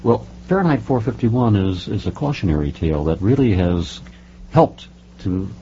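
A man's voice: lowish voice, animated, moderate pace, dark tone. A man interviewing an author, prompting him with admiring comments. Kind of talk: interview questions. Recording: muffled recording with faint hum.

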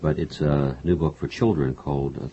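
A man's voice: a bass voice, steady tone, normal speed, warm tone, husky, lo-fi sound. A man hosting an interview, asking conversational, leading questions. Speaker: interviewer host.

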